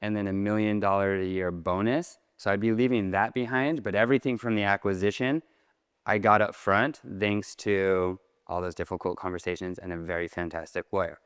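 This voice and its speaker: A man telling a personal story to an audience in a large hall, in a lively way with many casual fillers. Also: fairly low pitch, a little fast, clear, resonant tone, studio quality. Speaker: speaker. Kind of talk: storytelling talk.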